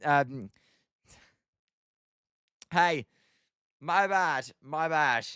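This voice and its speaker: A man's voice: fairly high pitch, expressive, moderate pace, a bit bright, clean tone, dry recording. A young British man hosting a casual baseball watch-along stream, chatting to viewers and calling the plays with self-mocking humor. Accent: British English. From Britain. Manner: chatty, self-mocking, reads chat aloud. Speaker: livestream host watching baseball. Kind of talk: casual live-stream chat and play-by-play.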